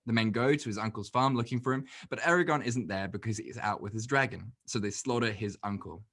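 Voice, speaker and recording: A male podcast co-host talking through a movie in an animated, casual way. His voice sits a little low, and he swears freely as he recaps. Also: quick pace. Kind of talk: casual movie review chat.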